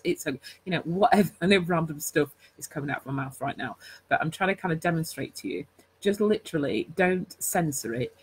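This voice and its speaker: A woman's voice: low-pitched, expressive, fairly quick, darkish tone, slight background noise, low-quality recording. A woman hosting a live stream, chatty and rambling, full of fillers and self-corrections as she teaches. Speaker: host.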